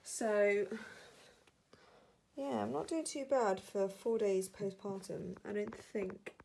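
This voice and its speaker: A woman's voice: mid-range voice, takes it slowly, creaky, darkish tone, slight background noise. Young woman, late teens, new mum vlog, tired and a bit breathless, chatty, apologetic, filler ums. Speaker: new mother vlogger. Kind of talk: casual vlog chat. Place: bedroom at home.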